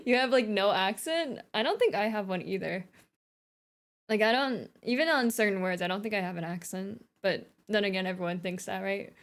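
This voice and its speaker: A woman's voice: medium pitch, moderate pace. A woman with an American accent chatting casually and giggling as she plays through a story game on stream.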